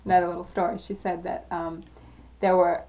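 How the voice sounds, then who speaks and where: A woman being interviewed, telling old anecdotes in a lively way that often breaks into laughter. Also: on the low side, fairly quick. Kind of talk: oral history storytelling. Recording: tinny lo-fi tape, phone-like.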